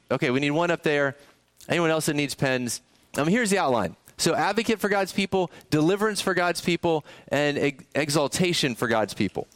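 A man's voice: fairly high pitch, fairly bright tone, clean tone. Conversational male pastor preaching a sermon. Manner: conversational, asks the congregation questions. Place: church sanctuary.

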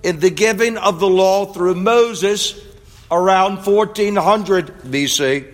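High-voiced preacher in a reverberant hall. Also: male voice. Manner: measured, emphatic delivery. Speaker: pastor. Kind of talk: sermon with scripture reading. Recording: long reverb of a large hall.

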